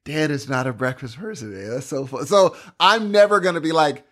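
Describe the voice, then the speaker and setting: A man co-hosting a casual chat, chatty and excitable, telling stories. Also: fairly high pitch, a little fast.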